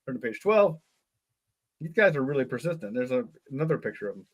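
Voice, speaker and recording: A man's voice: medium pitch, big pitch swings, quick pace. A man co-hosting a live podcast, reading a gamebook aloud and breaking off into joking asides. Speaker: podcast co-host. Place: live online show.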